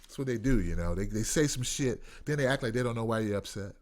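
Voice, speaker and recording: A man's voice: medium pitch, animated, fast, darkish tone. A man hosting an online show, ranting with sarcastic, profane commentary. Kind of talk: livestream commentary rant.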